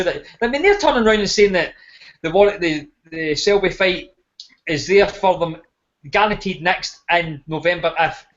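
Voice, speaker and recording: High-pitched man, loud, sweary, ranting, dull lo-fi audio. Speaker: podcast co-host. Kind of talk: casual chat.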